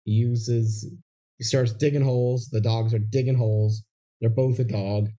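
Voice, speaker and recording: A man's voice: mid-range voice, fairly even intonation, measured pace, warm tone, highs cut off. A man co-hosting a podcast, recapping a movie scene by scene and acting out the characters' lines. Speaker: podcast co-host. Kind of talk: casual movie recap chat.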